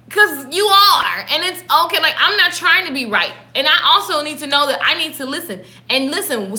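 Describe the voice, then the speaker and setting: High bright woman preaching to her live viewers, repeats herself a lot, super animated. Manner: preachy, repeats questions, drops into soft asides; colloquial, addresses listeners directly. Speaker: host of a daily spiritual live talk. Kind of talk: casual inspirational talk to live viewers.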